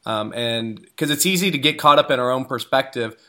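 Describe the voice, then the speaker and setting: A man's voice: medium pitch, fairly quick, bright, forceful tone. Reflective male podcast co-host. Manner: reflective, thinks aloud with fillers. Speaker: podcast co-host, higher-ed educator. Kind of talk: casual podcast chat.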